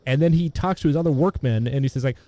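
Man, casual film chat, halting, rambling, relaxed dark tone. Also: medium pitch. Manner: rambling, halting, many restarts and fillers.

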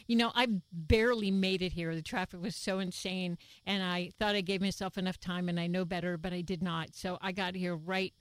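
A woman with a lowish voice hosts a music radio show, chatting in a relaxed, rambling way full of fillers. She sounds slightly out of breath. The sound is dry and close. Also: brisk, hardly any pauses, no echo, low-quality recording. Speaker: radio host. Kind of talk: casual radio chat.

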